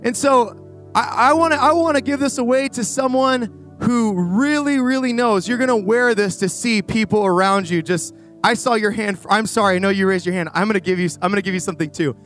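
A man preaching as a youth pastor to a congregation, energetic and animated with rambling asides. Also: high voice, a little fast, soft background music. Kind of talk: sermon. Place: church stage before a congregation.

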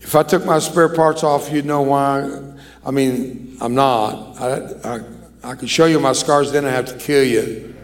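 A man's voice: medium pitch, fairly even intonation, unhurried. An older man preaching a sermon as an evangelist, emphatic and drawing the congregation into call-and-response.

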